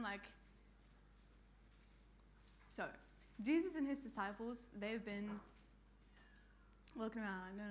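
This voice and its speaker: A woman's voice: on the high side, a little hiss or hum. A young woman from Norway telling a personal story in a church talk, chatty and laughing, with lots of fillers and restarts.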